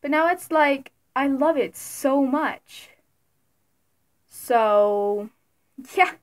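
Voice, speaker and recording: Young woman vlogger, high voice, unhurried delivery, giggly fan chatter with loud outbursts. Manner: giggly, excitable, bursts of loud mock quotes. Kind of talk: casual fan commentary.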